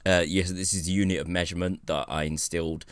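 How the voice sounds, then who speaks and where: A man's voice: low voice, little pitch movement, fast talker, clear, resonant tone, no room sound, studio quality. A man co-hosting a podcast, chatting in a wry, jokey way and explaining the show's rules. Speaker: podcast co-host. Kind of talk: casual comedic chat.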